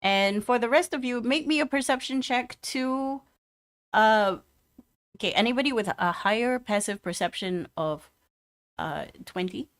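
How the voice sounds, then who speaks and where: A woman's voice: on the high side, a little slow. A woman narrating as game master of a tabletop game, hesitant with many fillers.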